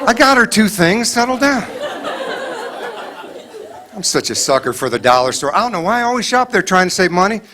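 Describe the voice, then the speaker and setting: A middle-aged male comedian doing a stand-up set on stage, animated, acting out scolding parents in quick quoted voices. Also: high voice, a crowd in the background. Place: stage before a live audience.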